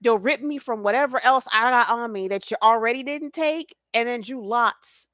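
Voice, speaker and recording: A woman's voice: fairly high pitch, moderate pace, a bit bright, no echo, studio quality. A woman hosting a casual spiritual talk. She speaks with slangy passion, swears freely and keeps checking in with her listeners. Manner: talks to her audience directly, checks in with "okay?". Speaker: spiritual reader and host.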